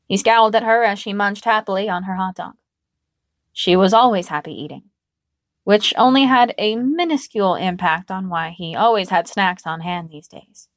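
A woman narrating a story aloud with a calm, even reading manner. Her mid-range voice is recorded dry and close. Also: mid-range voice, moderate pace, dry recording.

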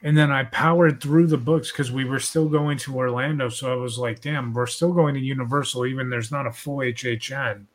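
A man's voice: mid-range voice, fairly even intonation, fairly quick, few pauses. A man hosting a podcast in casual chat, rambling and swearing freely as he tells a loose story. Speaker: podcast host.

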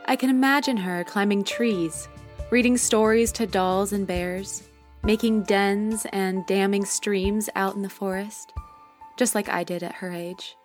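A woman reading a first-person short story aloud in a gentle, expressive way, voicing an adult narrator. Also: mid-range voice, measured pace, soft background music. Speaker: story reader.

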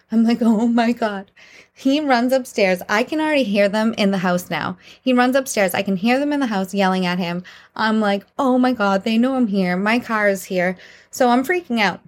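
Candid young woman telling stories. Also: mid-range voice. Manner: candid, animated, laughs through stories. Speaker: podcast host. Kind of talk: casual storytelling monologue.

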